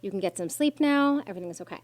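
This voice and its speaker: A woman's voice: medium pitch, very fast, no room sound. A woman guest on a podcast, telling a personal story with strong emotion, swearing freely and acting out the voices of others. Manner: animated, swears freely, acts out quoted voices.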